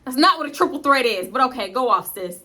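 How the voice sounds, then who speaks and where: A woman vlogger telling a storytime to her viewers in an animated, blunt and profane manner, speaking straight to the audience. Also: sits high, fast. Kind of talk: casual storytime vlog.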